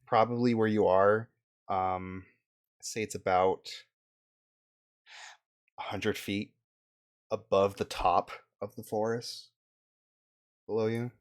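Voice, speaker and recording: Man, game master, low voice, slow halting narration, lots of fillers. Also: steady tone. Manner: halting, many fillers, laughs often.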